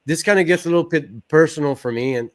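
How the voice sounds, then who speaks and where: A man's voice: fairly high pitch, fast talker. A man hosting a podcast interview, asking thoughtful and personal questions. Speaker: podcast host.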